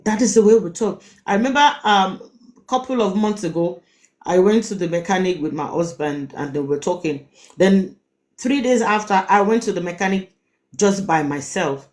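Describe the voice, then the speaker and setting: A middle-aged Nigerian-accented woman talks straight to her live audience as their advice host. She presses her points hard, repeats words and throws out rhetorical questions. Her voice sits at an ordinary pitch for a woman. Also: normal speed, a little mellow. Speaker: host giving relationship advice. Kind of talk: live-stream advice talk.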